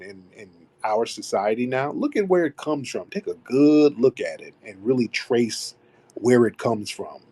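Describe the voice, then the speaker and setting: A man hosting a live audio chat room, talking at length in an emphatic way, repeating key phrases and slowing down to stress names and points. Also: medium pitch, a little mellow, breathy edge.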